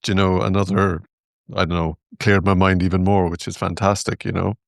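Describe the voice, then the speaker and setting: A man hosting a podcast, talking casually with halting restarts and repeated words. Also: low voice, little pitch movement, vocal fry, no echo, studio quality. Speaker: podcast host. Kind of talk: casual interview chat.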